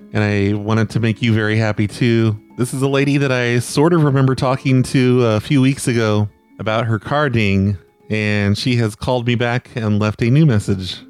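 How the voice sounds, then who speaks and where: A man's voice: medium pitch, a little mellow. A man hosting his own prank call show, talking loosely and with self-deprecation, often trailing off unsure. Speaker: podcast host and prank caller. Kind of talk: casual rambling monologue.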